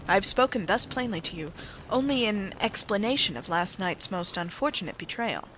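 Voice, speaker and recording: Narrator doing bitter victorian male secretary, solemn, intense, bright forceful tone, faint noise. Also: medium pitch, sing-song, moderate pace, low-quality recording. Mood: guarded. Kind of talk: audiobook character reading.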